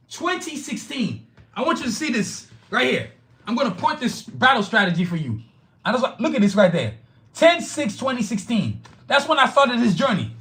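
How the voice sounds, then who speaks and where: Brash, bright-voiced man ranting on a live stream. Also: extremely high pitch. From Nigeria. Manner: emphatic, blunt and profane, talks straight to chat. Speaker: podcast host. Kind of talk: live-streamed solo podcast rant.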